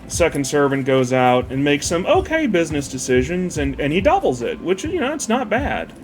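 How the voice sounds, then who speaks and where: Slightly high with huge pitch swings, a man speaks briskly while faint music plays behind. He's retelling a parable as he builds a model, rambling, swearing and losing track of his point as the work distracts him.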